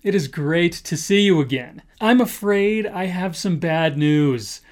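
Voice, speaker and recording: A man's voice: high-pitched, lively intonation, a little slow. A young man teaching a casual English lesson, playfully acting out example phrases.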